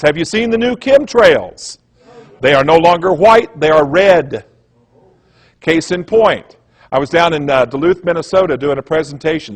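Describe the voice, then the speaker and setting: A man giving a presentation in a rambling, emphatic storytelling manner. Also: mid-range voice. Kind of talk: conspiracy lecture talk.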